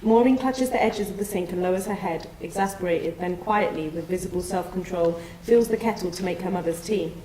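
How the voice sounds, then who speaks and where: A woman reading a play's stage directions aloud in an even, descriptive way, in a theatre studio. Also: fairly low pitch, fairly quick, hardly any pauses, roomy sound, slight background noise, rough recording.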